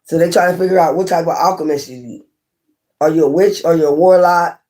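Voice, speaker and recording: A woman's voice: lowish voice, brisk, dark tone. A woman reads tarot cards for her viewers in a loose, casual way. She is blunt and swears freely, speaks with passion, and hammers her points home with repetition and questions to the audience. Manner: blunt, profane, repeats herself emphatically. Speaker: tarot reader. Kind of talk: casual tarot reading to camera.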